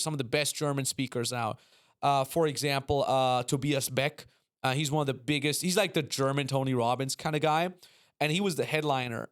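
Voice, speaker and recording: A man telling stories as a podcast guest in casual chat, swearing freely, acting out other people's lines and laughing often. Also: a little high. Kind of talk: animated storytelling, casual chat.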